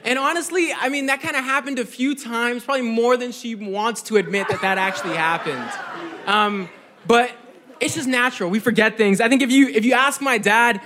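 A young male preacher with a high, light voice delivers a casual, conversational sermon. He sounds earnest and reflective and often checks in with his listeners. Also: moderate pace, background noise. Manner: conversational, keeps asking "right?".

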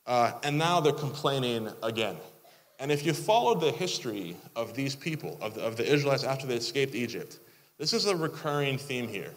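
A man in his thirties preaching a sermon, animated, with mock-complaining asides. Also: mid-range voice, fairly quick. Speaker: pastor. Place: church hall. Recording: long hall reverb.

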